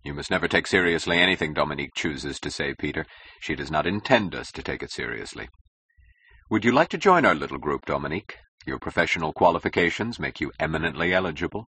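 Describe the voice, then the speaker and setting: A man playing a smooth, condescending middle-aged intellectual who speaks in a suave, patronizing way. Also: very deep voice, animated, fast talker, pushed and bright, no echo, full character voice.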